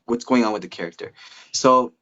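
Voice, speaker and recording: A man's voice: mid-range voice, gravelly, very noisy. A man chatting casually on a live stream, voice in a middle range, often stopping to rephrase. The audio is dull and lo-fi. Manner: halting, many fillers and restarts. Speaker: comedian and live-stream host.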